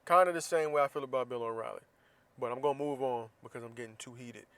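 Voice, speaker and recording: A man's voice: medium pitch, fast, fairly bright tone, clean tone. Blunt, profane man ranting. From Florida. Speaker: podcast host. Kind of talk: casual opinion monologue.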